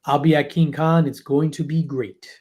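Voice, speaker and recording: A man hosting a casual pop-culture panel chat, loud and joking as he tells stories. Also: fairly high pitch, steady tone, moderate pace, husky, lo-fi sound. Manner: loud, laughing, joking storyteller. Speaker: podcast host.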